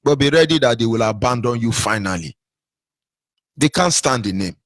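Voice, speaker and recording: A man's voice: medium pitch, expressive, normal speed, dry recording. A man with a Nigerian accent delivering an impassioned political monologue, preachy and emphatic, firing off rhetorical questions and repeating himself for effect. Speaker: political commentator.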